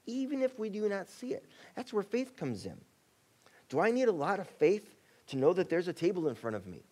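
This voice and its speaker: Man, pastor, sermon, animated pitch, conversational, acts out quotes. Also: fairly quick. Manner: conversational preaching, acts out quotes, rising and dropping to a hush.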